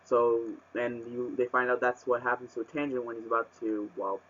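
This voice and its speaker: Brisk and a bit bright, a man's mid-range voice holds a level tone as he reviews a book in a casual vlog. He rambles, uses many fillers, restarts, and bursts into exasperated rants, recorded with a webcam microphone that sounds muffled.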